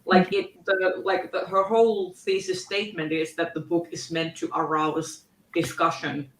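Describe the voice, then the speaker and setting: A woman on a video call in a casual book club discussion, speaking haltingly with many restarts. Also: lowish voice, little pitch movement. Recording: roomy echo.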